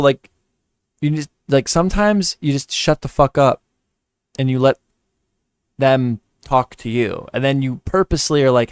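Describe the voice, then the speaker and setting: A man's voice: mid-range voice, smooth, dry recording, clean studio sound. A man hosting a livestream, telling stories and giving blunt advice in a rambling, profane, offhand way. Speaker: livestream host. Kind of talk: casual livestream chat.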